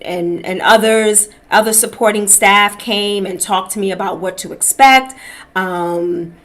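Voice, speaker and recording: A middle-aged woman hosting a podcast, telling a personal story in a slow, reflective way and calling her listeners beloved. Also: medium pitch, a bit bright. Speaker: podcast host. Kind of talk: personal testimony, casual talk.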